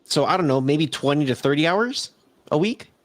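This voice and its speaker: Lively laid-back Southern Californian man. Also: a little high, normal speed, dry recording. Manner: laid-back, laughs often, plays with accents. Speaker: podcast co-host. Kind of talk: casual live-stream chat.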